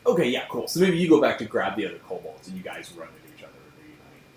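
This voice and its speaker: A man narrating as game master of a tabletop game, relaxed and often dropping to a murmur. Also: fairly low pitch, fast talker. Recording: echoey room with background noise.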